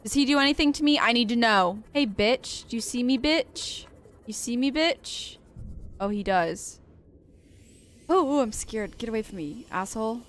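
A woman giving excitable, profane let's-play commentary, shrieking and cursing when startled. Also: fairly high pitch, normal speed. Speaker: gaming creator.

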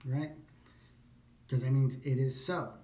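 A man practicing phrases along with a language course, repeating them slowly, thinking aloud and correcting himself. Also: mid-range voice, fairly even intonation, warm tone. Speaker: language learner. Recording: echoey room.

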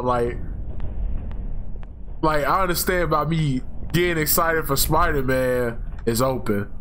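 A young man with a hoarse, worn-out voice playing a horror game, loud and excitable, swearing and screaming at jump scares. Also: medium pitch, slight background noise. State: hoarse, losing his voice. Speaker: gaming YouTuber. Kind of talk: horror game let's play commentary.

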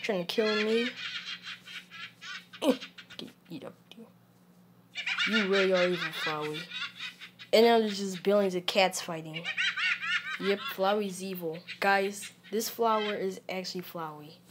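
A woman giving casual gameplay commentary, excitable and prone to yelps and shouts at the game, recorded with a phone screen recorder. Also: mid-range voice, a little slow, long pauses, noisy background. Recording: game music playing underneath.

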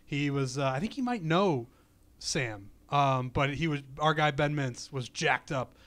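A man co-hosting a golf podcast, telling stories in a quick, excitable way. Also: a little high. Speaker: podcast co-host. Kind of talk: casual golf podcast chat.

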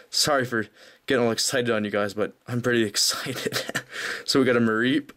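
A young man narrating a card pack opening off camera, talking casually and growing breathless with excitement. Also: medium pitch, fairly quick. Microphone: off-camera voice, hands at table.

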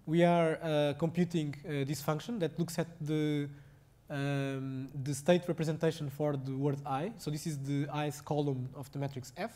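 A young adult man with a Portuguese accent giving a technical lecture, speaking haltingly with many fillers and restarts. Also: a little high, steady tone, mellow.

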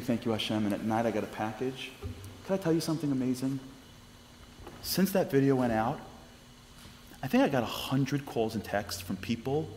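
Guy giving a talk to a congregation, lively storyteller, hall echo and a bit of hiss. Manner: lively, acts out the people in his stories with quick shifts of pitch. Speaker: speaker at a congregation lecture. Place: synagogue hall. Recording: long reverb of a hall, faint noise.

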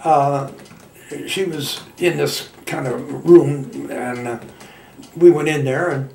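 A man in his nineties from Michigan, a veteran telling his war memories in a halting, folksy way with plain colloquial grammar. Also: fairly high pitch, steady tone, gravelly, warm tone, reverberant, recorded from a distance, a little hiss or hum. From Michigan, United States. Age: 90s. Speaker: veteran interviewee. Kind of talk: oral history reminiscence.

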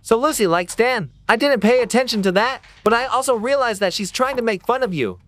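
A calm, loyal young man, played by a woman, with a fairly high voice. He speaks in a measured, even way in a storytime cartoon. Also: a little hiss or hum, close to an everyday voice.

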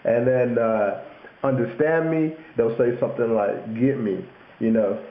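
A man's voice: mid-range voice, unhurried. A young man casually explaining slang on his video blog, joking and laughing as he goes. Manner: jokey, laughing, puts on mock London voices for examples. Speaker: YouTuber. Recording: echoey room, tinny lo-fi webcam audio.

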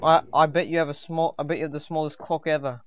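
A man's voice: fairly high pitch, flat delivery, fast, fairly bright tone, lo-fi sound. A man trolling another player in game voice chat, mocking and taunting him. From Scotland.

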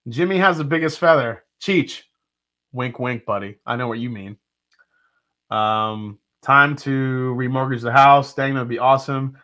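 A man's voice: medium pitch, a little slow, bright, forceful tone. A man hosting a live bourbon tasting stream, chatting casually and reading viewer comments aloud with frequent laughs.

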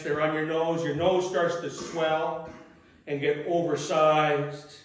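A man's voice: sits high, fairly bright tone. A male pastor preaching a sermon, retelling a scripture story in a dramatic storytelling manner. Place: church sanctuary. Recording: echoey church hall.

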